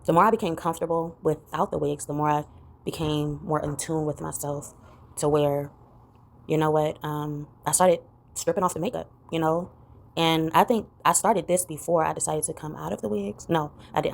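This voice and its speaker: A woman's voice: steady tone, moderate pace. A woman talking reflectively in a personal vlog, rambling and full of "you know" fillers. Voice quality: gravelly low voice. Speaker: vlogger.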